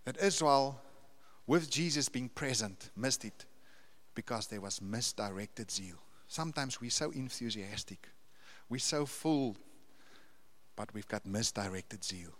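A man's voice: mid-range voice, expressive, unhurried, long pauses, fairly bright tone. A man, preaching a conversational sermon to a church, building up to emphatic repeated lists. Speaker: pastor. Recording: long reverb of a church hall.

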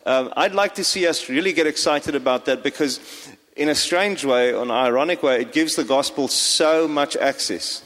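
A man's voice: a little high, normal speed, fairly bright tone. A pastor giving a sermon to his congregation, talking with frequent fillers and restarts. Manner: hesitant, many fillers and restarts. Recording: long hall reverb.

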